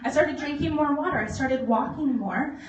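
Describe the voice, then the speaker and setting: Captured from a distance in an echoing hall with faint underlying noise, a woman in her thirties gives a testimonial talk as a motivational speaker. She is lively, slightly high-voiced, quick to laugh, and acts out small voices while telling her story.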